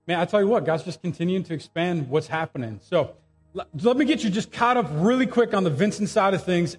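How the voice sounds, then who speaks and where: A middle-aged man preaching an informal sermon full of personal stories and jokey asides, live in a church. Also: high-pitched. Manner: chatty, animated, jokey asides. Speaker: guest pastor. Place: church sanctuary. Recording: live church audio with long reverb, faint music.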